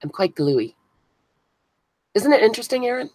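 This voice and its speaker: This craft channel host has a sing-song voice on the high side with a darkish tone, talking at normal speed. She chats with viewers by name and thinks aloud as she glues buttons at her indoor crafting table, recorded roughly with no echo.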